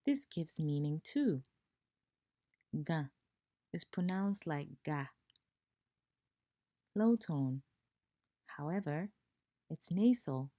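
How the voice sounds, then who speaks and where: Slow, low-voiced Ghanaian woman teacher. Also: animated, warm tone. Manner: slow, deliberate, spells out sounds. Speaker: language teacher. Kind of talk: slow, careful pronunciation lesson.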